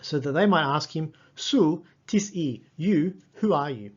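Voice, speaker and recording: A man lecturing on a text, reading passages slowly and carefully and explaining them as he goes. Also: on the high side, expressive, lo-fi sound. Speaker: Greek lecturer.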